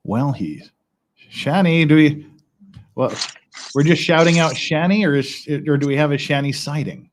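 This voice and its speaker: A man's voice: a little high, lively intonation, normal speed. A man hosting a casual livestream, rambling and chuckling as he builds Lego and counts pieces aloud. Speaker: stream host.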